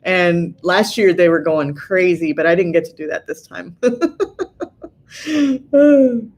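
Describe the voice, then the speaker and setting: A woman's voice: on the low side, takes it slowly, darkish tone. Tired, chatty middle-aged woman livestreaming. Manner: chatty, laughs often, many fillers. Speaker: livestream host. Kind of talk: casual live chat reading viewer comments.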